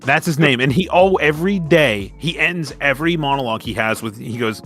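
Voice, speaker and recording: A man's voice: on the high side, animated, fairly quick, fairly bright tone, faint music behind. A man co-hosting a casual podcast, laid-back, swearing often and laughing along. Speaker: podcast co-host. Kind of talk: casual chat.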